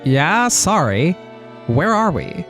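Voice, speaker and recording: A man's voice: fairly high pitch, big pitch swings, slow pace, fairly bright tone, soft background music, exaggerated voice. A man reading a visual novel aloud, voicing a confused young woman in a plain, puzzled way. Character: confused young woman waking in a strange parlor.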